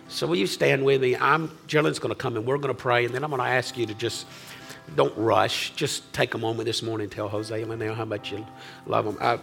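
A man pastor closing a church service with a farewell prayer, speaking earnestly, halting and restarting. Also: medium pitch, gravelly, fairly bright tone. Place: church sanctuary.

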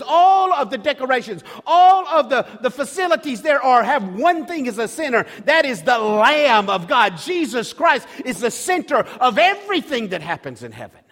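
High-voiced man preaching in an echoing hall. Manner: emphatic preaching with repeated rhetorical questions and sudden drops to a hush. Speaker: pastor. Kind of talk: sermon.

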